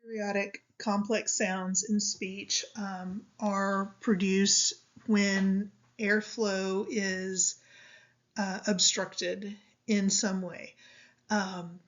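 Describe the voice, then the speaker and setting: Slow, deliberate woman lecturing. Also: mid-range voice, flat delivery, highs cut off. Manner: slow, deliberate explaining with frequent ums. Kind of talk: recorded lecture on speech science.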